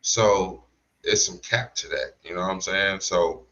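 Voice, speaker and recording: A man with a low, bright-edged voice who speaks at an unhurried pace. He talks in loose slang and stretches his points out. The recording sounds a bit dull and lo-fi. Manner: slow, drawn-out storytelling with slang and restarts. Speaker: podcast co-host. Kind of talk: casual chat.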